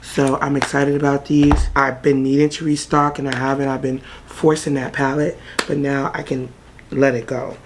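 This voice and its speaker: A woman's voice: very deep voice, little pitch movement, moderate pace, noisy background. A woman vlogger chatting casually through a makeup haul, swearing freely and breaking into song now and then.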